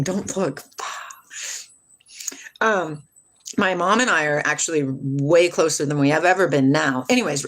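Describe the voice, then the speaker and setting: A woman telling a personal story to her live chat, rambling and emotional, swearing, losing her train of thought and starting over. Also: on the low side.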